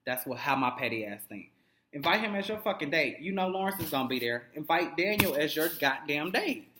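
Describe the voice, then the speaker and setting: A man's voice: fairly high pitch, expressive, fairly quick, pushed and bright, slight background noise. A young adult man casually recapping a TV episode, swearing constantly and acting out the characters' lines. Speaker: TV recap vlogger. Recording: echoey room.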